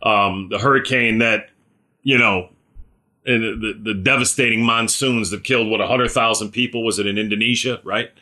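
A man's voice: on the low side, fairly even intonation, normal speed, pushed and bright. A man preaching a conversational sermon, often asking "right?" and calling on listeners by name.

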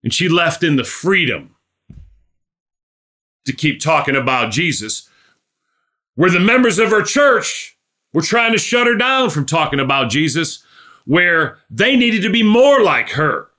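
A man's voice: a little high, pushed and bright. A man preaching a sermon, telling a story and building to emphatic exhortation.

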